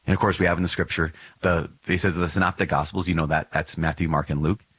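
Male podcast host with a slightly husky voice, reading and reflecting on a religious text in an earnest, emphatic way. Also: low voice, steady tone, fast talker, a bit bright, dry recording, low-quality recording. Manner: earnest, repeats key phrases for emphasis.

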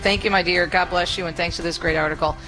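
A woman with a low voice hosts a radio talk show, chatting in an affirming, conversational way. Faint music sits behind her. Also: fairly even intonation, fast, rough recording.

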